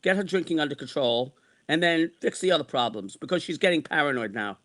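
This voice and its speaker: A vlogger in his sixties delivers an angry personal rant, heated and repetitive, swearing often. His voice sits on the high side and is expressive and fairly bright, and he talks briskly.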